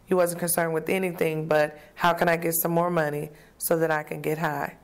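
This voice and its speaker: A woman with a low, gravelly voice tells her own story in a talk-show interview. She is a lively storyteller who slips into the voices of the people she describes. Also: a little fast. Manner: vivid storyteller, acts out quoted voices. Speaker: guest telling her recovery story. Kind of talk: personal testimony in an interview.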